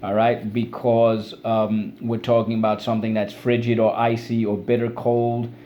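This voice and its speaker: A man's voice: medium pitch, level tone, normal speed, warm tone, lo-fi sound, a little hiss or hum. A man teaching children a spelling lesson in an upbeat, coaxing call-and-response style.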